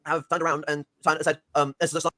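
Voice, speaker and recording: Fast lecturing man, dry close sound. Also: a little high, flat delivery, pushed and bright, no echo. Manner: lecturing, swearing, quick. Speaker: stream co-host discussing politics. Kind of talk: casual political discussion.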